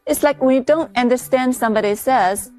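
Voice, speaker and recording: A woman teacher in a scripted lesson, explaining clearly and patiently, step by step. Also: high voice, fairly quick, darkish tone, soft background music. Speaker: Chinese teacher.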